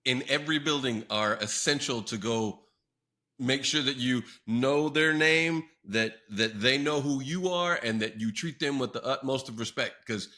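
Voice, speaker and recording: A man's voice: mid-range voice, a little slow, pushed and bright. A man hosting a casual podcast conversation, giving earnest advice. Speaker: podcast host.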